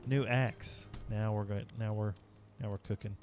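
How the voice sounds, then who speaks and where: A man chats casually with viewers while live-streaming a video game, music playing behind him. His lowish voice is steady, unhurried, and darkish in tone.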